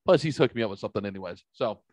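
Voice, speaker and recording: A man's voice: on the low side, animated, very fast, a little mellow, no echo. A middle-aged man from the St. Louis area, hosting a podcast and telling a story in casual, profanity-filled chat. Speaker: podcast host.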